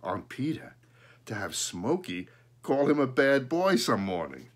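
A man's voice: mid-range voice, sing-song, a little slow. A man voicing a jovial farmer father who talks in a playful, teasing way. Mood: amused.

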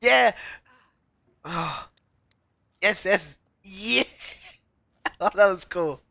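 A VTuber streamer plays a frustrating climbing game, yelping "yes" and "no" and laughing and shrieking at every setback as she reacts. Her mid-range voice is expressive, gravelly, pushed and bright, with drawn-out words. There's no echo.

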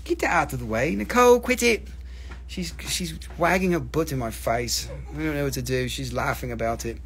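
A man's voice: on the high side, animated, moderate pace, fairly bright tone, slight background noise. A man selling crystals on a livestream in casual patter, joking and swearing as he rambles through prices. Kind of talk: casual live-sale patter.

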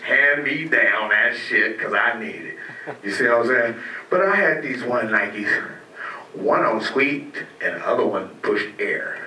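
A man doing an open-mic stand-up set in a comedy club, animated, slangy, laughing at his own jokes and making squeaky sound effects. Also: normal speed, slight background noise. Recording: roomy club sound from a distant camera.

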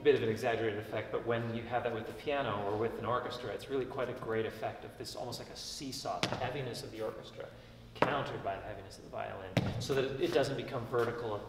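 Male violin teacher, mid pitch, constructive master-class coaching, recorded from a distance with violin playing clearly behind him. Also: fairly even intonation, fast talker, few pauses. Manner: constructive, thinking aloud with frequent restarts. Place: concert hall, indoors. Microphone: distant room mic. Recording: echoey hall from far off. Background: violin and piano playing.

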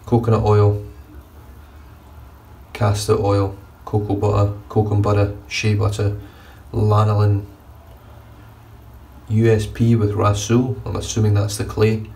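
A man's voice: lowish voice, monotone, slow pace, gravelly, long pauses, a little mellow. Chatty, sweary man reviewing a shave. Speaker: wet-shaving vlogger. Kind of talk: casual shave review chat. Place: indoor bathroom. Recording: distant mic with faint room noise.

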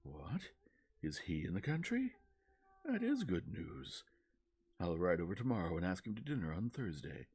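A man in a soft-spoken ASMR reading, voicing a hearty, jovial older country gentleman in a bluff, booming manner. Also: wildly swooping pitch, moderate pace, breathy edge, full character voice.

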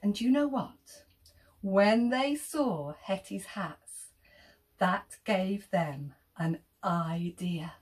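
A woman tells an interactive story to small children in a slow, sing-song voice, dropping to whispers and gasping for effect. Her pitch leaps up and down with every line. She sits a little back from the microphone. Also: animated, far from the mic.

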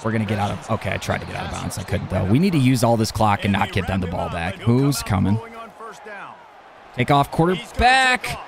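A young man commenting on his own football video game as he plays, excitable and talking to himself, often yelling at plays. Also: on the low side, fairly quick, vocal fry, a crowd in the background. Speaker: gaming YouTuber. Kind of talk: live gameplay commentary.

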